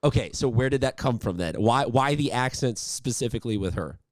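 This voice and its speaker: A man's voice: medium pitch, expressive, fairly quick, no room sound, studio quality. A man hosting a sports interview, upbeat and chatty, rambling with restarts. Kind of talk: casual interview.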